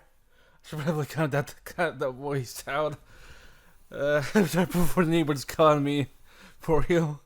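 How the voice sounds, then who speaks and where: A man's voice: fairly high pitch, steady tone, slow pace, long pauses, a little hiss or hum. A man commentating casually while playing a horror game, making joking asides. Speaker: let's play gamer.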